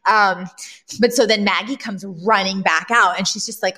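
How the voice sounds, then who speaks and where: A woman's voice: medium pitch, moderate pace, bright, forceful tone. Chatty woman recapping, laughing often. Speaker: podcast co-host. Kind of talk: casual recap chat.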